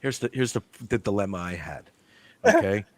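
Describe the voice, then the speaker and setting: A man telling a story in casual chat, swearing freely and acting out the dialogue with lively energy. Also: lowish voice, moderate pace. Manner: animated, profane, acts out the dialogue. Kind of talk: casual storytelling among friends.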